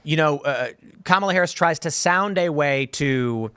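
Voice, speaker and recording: A male podcast host reading news headlines out loud and breaking off to react in disbelief. His voice sits a little high for a man, recorded close and dry with no room sound. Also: expressive, normal speed, smooth, dry recording. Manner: reads headlines aloud with incredulous asides. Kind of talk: casual podcast talk.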